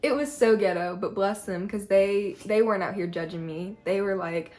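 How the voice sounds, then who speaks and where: A woman's voice: mid-range voice, normal speed, darkish tone. A young woman vlogger telling a personal story in a casual, chatty way, full of "like". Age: young adult. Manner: chatty, peppered with "like".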